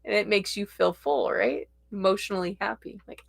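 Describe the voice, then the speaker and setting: A woman hosting a casual tarot livestream, chatting in a slow, gently encouraging way and reading viewer comments aloud. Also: medium pitch, fairly even intonation, gravelly, dry recording.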